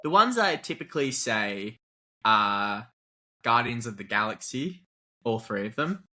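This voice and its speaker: Young man from Australia, interview guest, bright edge to his voice, loose and chatty with lots of "like" fillers, laughs easily. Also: medium pitch, unhurried. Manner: relaxed, laughing often, many "like" fillers. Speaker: guest actor. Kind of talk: casual interview chat.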